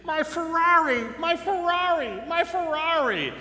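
A man's voice: extremely high pitch, lively intonation, a little slow, sharp tone, pitched above the performer's own voice, heavily acted. A man voicing a badly injured man who cries out over his lost possessions, repeating himself. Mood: anguished. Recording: echoey hall with faint hum.

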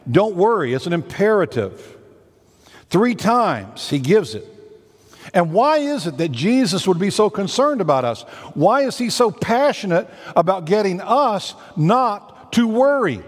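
Man preaching in an echoing hall. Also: fairly high pitch. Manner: conversational preaching with repeated phrases and rhetorical questions. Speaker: senior pastor. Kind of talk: sermon.

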